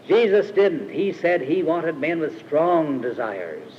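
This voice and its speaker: A man's voice: a little high, big pitch swings, slight background noise. Older man rambling through a 1950s sermon. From Iowa, USA. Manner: rambling, halting, with many uh-hesitations and restarts. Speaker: speaker at a Christian retreat camp. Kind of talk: informal storytelling sermon. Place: camp meeting hall. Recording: dull 1950s archive recording.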